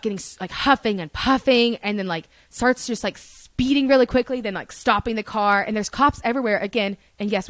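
A young woman telling a casual story as a podcast guest, chatty and animated, swearing freely and saying "like" a lot. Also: medium pitch, no echo. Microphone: studio podcast mic.

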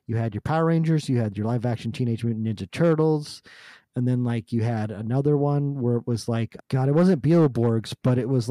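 Man, podcast guest, mellow dark voice, excitable rambling talk. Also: medium pitch, dry recording. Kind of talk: casual podcast chat.

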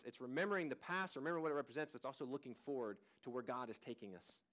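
A man in his thirties preaching a sermon as a pastor, in an earnest, conversational way, often restarting his sentences. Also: medium pitch.

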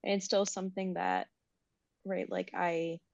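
A woman in her twenties in casual, reflective conversation, soft-spoken and quick to laugh. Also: fairly low pitch, very animated, vocal fry, dry recording. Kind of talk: casual chat. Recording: dry, slightly dull sound.

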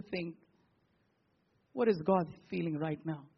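A man preaching a sermon as pastor, posing rhetorical questions with emphatic pauses. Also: high-pitched, breathy edge, highs cut off.

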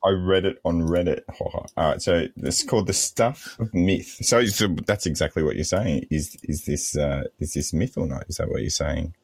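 A man's voice: deep voice, moderate pace, creaky, hardly any pauses, husky. A middle-aged man co-hosting a casual gaming chat, joking and laughing often as he teases his friend. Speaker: co-host.

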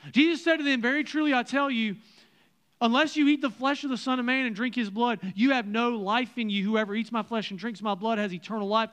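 A man pastor preaching a sermon in a conversational way, asking his listeners questions and dropping to a near hush to drive points home. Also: very high voice. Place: church service.

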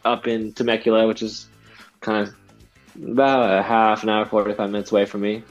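A man in his thirties from Southern California, a guest DJ telling a story in casual chat, animated and slangy, acting out what he once said. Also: fairly low pitch, fairly quick. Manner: animated, slangy, acts out his own past lines. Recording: dull lo-fi podcast audio with faint music.

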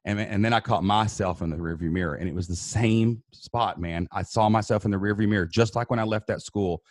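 Low-voiced man in his thirties, earnest storyteller on a podcast mic, dry close sound. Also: brisk, no room sound. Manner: earnest, builds intensity while retelling. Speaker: podcast guest. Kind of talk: emotional personal storytelling.

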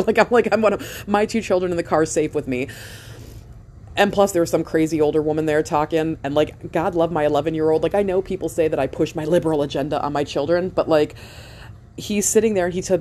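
A woman in her thirties with a slightly low voice recounts a story in a loose, rambling way. She swears freely and trips over her own words, and her pitch rises and falls as she gets animated. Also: fast talker, a little hiss or hum. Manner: rambling, profane, animated retelling with many fillers. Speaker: mother telling a story. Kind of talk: casual storytelling.

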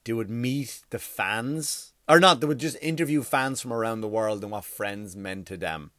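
A man's voice: mid-range voice, normal speed, fairly bright tone. A male comedian riffing in a loose, rambling monologue, peppering it with swearing and constant "like" and "you know". His voice sits in a middle register and sounds dry and close, with no room echo. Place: workspace across from a school.

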